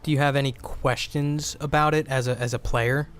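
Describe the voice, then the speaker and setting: A man's voice: medium pitch, steady tone, moderate pace, a bit bright, a little hiss or hum. A man running a tabletop game as game master, asking players questions and guiding the scene.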